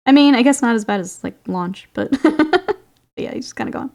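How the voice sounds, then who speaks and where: A woman's voice: fairly high pitch, expressive, moderate pace, vocal fry, darkish tone. A woman streaming while painting miniatures, chatting casually with viewers, reading their comments and laughing often. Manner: chatty, laughs often, reads and answers chat.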